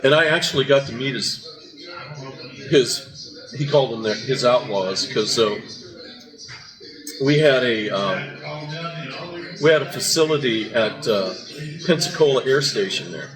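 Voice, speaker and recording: An older male host tells a rambling breakfast story, looping back through "uh" and restarts at a middle pitch. Clear music plays behind him in the restaurant. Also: measured pace, pauses often, poor audio. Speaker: podcast host. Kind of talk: casual breakfast chat. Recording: background music.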